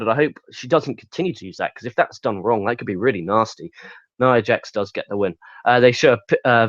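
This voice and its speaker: A man's voice: mid-range voice, no echo, lo-fi sound. A man reviewing a wrestling show in casual solo commentary, talking bluntly and profanely with open exasperation.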